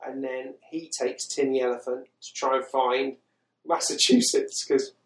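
A man's voice: mid-range voice, steady tone, measured pace, reverberant, poor audio. A man hosting a podcast, recapping a film in casual chat with exasperated, sweary incredulity. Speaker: podcast host.

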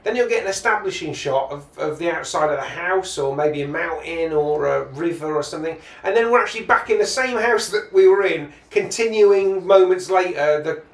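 A man's voice: fairly high pitch, fairly quick, few pauses, reverberant, recorded from a distance. A man co-hosting a casual film review podcast who rambles amusedly through his points. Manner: rambling, amused, with many restarts. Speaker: podcast co-host.

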